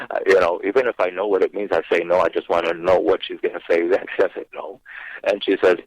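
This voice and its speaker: This radio caller has a low, level voice and talks a little fast, with no echo. Phoning in to a paranormal show on a dull, dry line, he shares a personal ghost story and acts out his own remarks.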